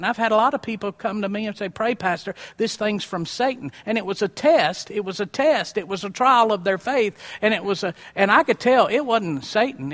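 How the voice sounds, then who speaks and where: A man with a high, fairly bright voice preaches a sermon, repeating lines and putting questions to the congregation. His delivery is folksy and dramatic, built on rhetorical questions and repetition.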